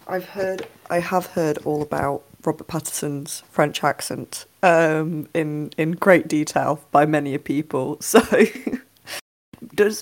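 Low-voiced woman gushing about a film. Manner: animated, laughing, exclamatory. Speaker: podcast co-host. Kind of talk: casual film review chat.

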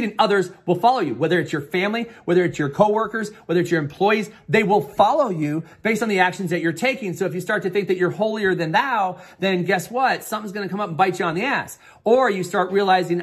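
A husky-voiced middle-aged man talks quickly and earnestly, telling a personal story and coaching listeners. He rambles and restarts a lot, then pushes into upbeat motivational urging. His voice sits a touch high for a man. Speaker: motivational speaker. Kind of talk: personal story and pep talk.

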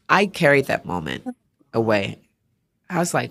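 A woman artist appears as a podcast guest, her bass voice gravelly and slightly rough at a moderate pace. In the interview she tells stories animatedly, acting out the voices of people she quotes.

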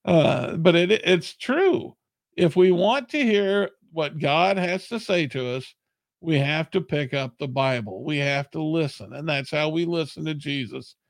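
A man's voice: fairly high pitch, animated, a little slow, vocal fry, dry recording. A man preaching a sermon in an earnest, plain-spoken way.

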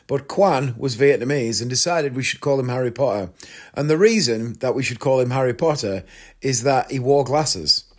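English man, podcast host, comic monologue, deadpan, wry. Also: medium pitch. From England. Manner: wry, deadpan storytelling with frequent laughs.

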